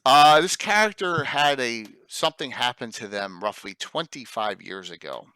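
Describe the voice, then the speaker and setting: A man's voice: mid-range voice, lively intonation, normal speed, bright, forceful tone, no room sound. A man hosting a casual livestream sign-off, chatty and rambling, often repeating his words. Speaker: stream host.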